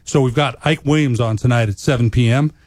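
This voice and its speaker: Man, radio guest, rambling, enthusiastic, medium pitch, dry studio sound. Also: fairly quick, a little mellow, no echo. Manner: rambling, full of uh fillers, enthusiastic. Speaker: guest from a sports podcast. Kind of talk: casual sports radio chat. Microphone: studio mic.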